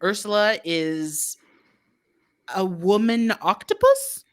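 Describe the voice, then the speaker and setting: A woman's voice: medium pitch, wildly swooping pitch, slow. A woman co-hosting a podcast, recapping a movie in a chatty, sarcastic way with lots of "like.". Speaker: podcast co-host.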